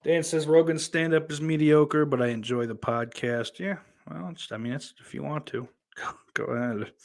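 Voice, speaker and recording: A man's voice: a little high, normal speed, gravelly, a little mellow. A man with a Southern accent hosting a podcast, reading listener comments and riffing in a profane, rambling, sardonic way. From New York. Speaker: podcast host.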